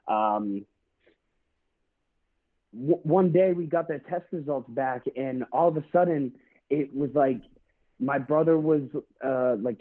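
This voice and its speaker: A young man in his twenties, a podcast host, telling a story in a laid-back casual chat full of fillers. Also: fairly high pitch. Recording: tinny phone-like sound.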